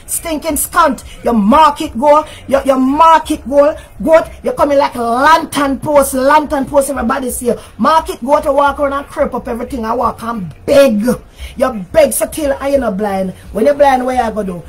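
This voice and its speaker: An older woman with a Jamaican accent, hosting a livestream rant in which she scolds and insults someone over and over, sometimes shouting. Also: sits high, moderate pace. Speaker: talk show host.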